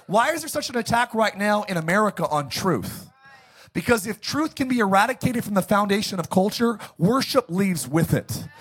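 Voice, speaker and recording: A pastor preaching a sermon, joking and calling on the congregation to repeat phrases after him. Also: male voice, high-pitched, lively intonation, normal speed, fairly bright tone, breathy edge. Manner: jokey, calls for congregation responses.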